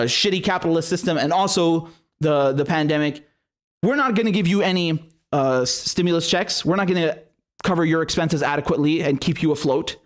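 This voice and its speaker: Angry, profane man ranting. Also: a little high. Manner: angry, sarcastic, profane, mocking. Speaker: political commentary host. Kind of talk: ranting political commentary.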